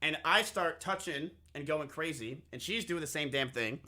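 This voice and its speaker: A man streaming live recounts a blunt, crude story to his chat, repeating phrases for effect. At normal speed, his voice sits a little high, bright and forceful.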